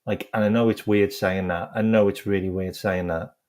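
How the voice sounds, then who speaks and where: Hosting a football fan channel, a man speaks at a moderate pace in a fairly low, darkish, steady voice. The live-stream chat is casual and meandering, full of "like," with laughs sprinkled through his stories.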